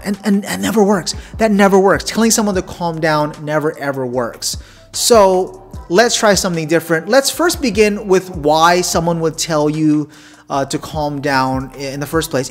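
A man hosting a video podcast, talking straight to the viewer in a casual, wry way with emphatic asides and rhetorical questions. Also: fairly high pitch. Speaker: podcast host. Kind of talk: casual explainer monologue. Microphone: desk condenser mic.

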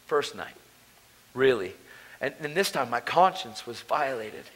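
A man's voice: mid-range voice, lively intonation, a little slow, fairly bright tone. A man preaching a testimony at a conference, telling his story in a casual, slangy way. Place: conference hall.

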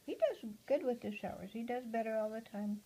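A woman at home talking to her pet parrot in a casual home video, cooing softly and often dropping to a hush. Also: fairly high pitch, expressive, brisk, a little hiss or hum, rough recording. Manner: soft, cooing talk to a pet, often hushed.

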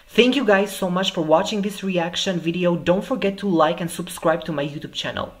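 A man's voice: fairly high pitch, measured pace. A man hosting a reaction video, talking in effusive, exclamatory bursts of praise. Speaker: YouTube reaction host.

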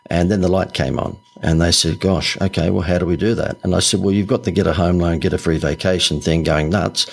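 A middle-aged Australian ad agency founder tells stories as a guest in a podcast interview, chatty and laughing often with lots of fillers. His low voice is creaky with a breathy edge, and he talks briskly with hardly any pauses.

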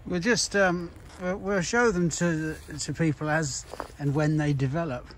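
A man who owns a plant nursery chats bluntly and casually while working outdoors, swearing freely. His voice is on the high side, with fairly even intonation and a measured pace, and the outdoor recording is noisy.

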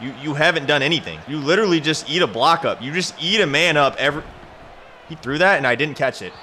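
A man giving live commentary over a football video game, excitable and trash-talking, shouting at his players. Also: on the high side, fast talker, slight background noise. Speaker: gaming YouTuber.

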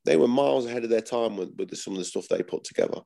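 Bloke in his 40s, gravelly deep voice, dark tone, blunt and sweary. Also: racing. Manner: blunt, swears freely, repeats himself. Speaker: former footballer, guest. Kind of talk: casual interview.

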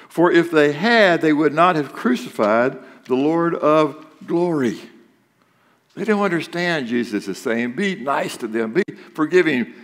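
In a church sanctuary with a big-room sound, a male pastor gives a sermon in a mid-range voice. He talks conversationally, posing rhetorical questions to the congregation.

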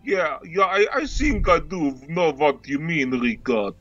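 An actor playing a goofy young Russian would-be rapper calling in, speaking in a Russian accent with broken grammar. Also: male voice, fairly high pitch, big pitch swings, unhurried, fairly bright tone, dull audio, faint music behind, full character voice. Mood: earnest. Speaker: caller.

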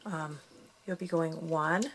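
Woman doing a chill craft tutorial, counts out loud, kinda breathless, faint hum in the room. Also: low voice, fairly even intonation, takes it slowly. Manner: counting steps aloud, chatty asides. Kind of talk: casual loom bracelet tutorial.

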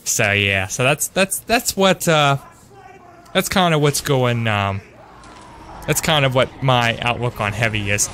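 A young man live-streams a shooter game with a bright, forceful, expressive medium-pitched voice at a measured pace, and there's slight background noise. He chats upbeat with viewers, greets them by name, and tends to self-correct mid-sentence and trail off with fillers during his gameplay commentary.

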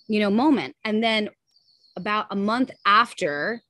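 A woman in her thirties talks openly as a podcast guest, rushing through her story with plenty of "like" and "you know". Her voice sits in a middle range, and the recording is close and dry with no room sound. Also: medium pitch, lively intonation, sharp tone, dry recording. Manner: candid, quick, full of likes and you-knows. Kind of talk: personal story in a casual interview.

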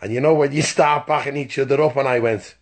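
A man's voice: medium pitch, fairly even intonation, fast. A man telling a rambling, profane story in a phone voice message, stopping often to ask "right?". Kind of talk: casual voice-note anecdote.

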